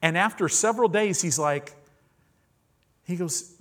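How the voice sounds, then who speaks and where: A man's voice: high-pitched, unhurried, long pauses, fairly bright tone. A man preaching a sermon as a pastor, telling stories and acting out the voices of the people he quotes, while the congregation calls back in the church service.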